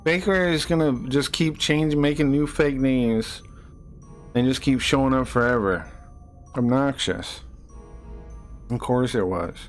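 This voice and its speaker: A man's voice: medium pitch, measured pace, pauses often, soft background music. A man streaming live, ranting angrily at people in his chat, swearing and repeating himself. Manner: angry, profane, repeats himself, rising to shouts.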